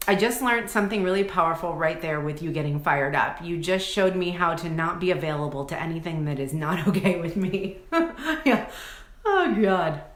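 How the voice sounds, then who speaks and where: A woman, talking in a low voice that bounces around an echoey room. She gushes over viewers' comments during a live coaching stream and drops casual swear words into her chatty answers. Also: a bit bright. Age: 40s.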